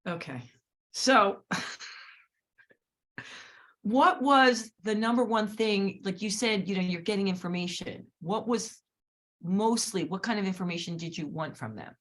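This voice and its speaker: A woman's voice: medium pitch, normal speed, fairly bright tone. A woman hosting a podcast, putting questions to a guest and giving short encouraging replies. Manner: brief encouraging backchannels, reads listener questions. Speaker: podcast host. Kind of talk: interviewing.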